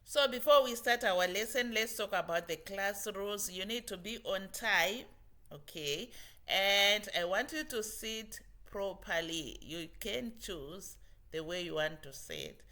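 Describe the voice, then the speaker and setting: Woman, phonics teacher for kids, slow deliberate speech, models sounds patiently. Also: medium pitch, expressive, sharp tone. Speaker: English teacher. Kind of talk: children's phonics lesson.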